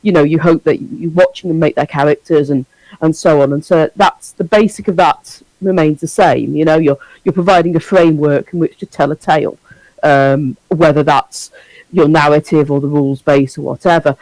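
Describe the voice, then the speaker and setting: A woman's voice: low voice, fairly even intonation, moderate pace, a little mellow, no room sound, poor audio. A woman dungeon master calling in for a casual chat, chatty and self-deprecating, acting out little scenes. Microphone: call-in line.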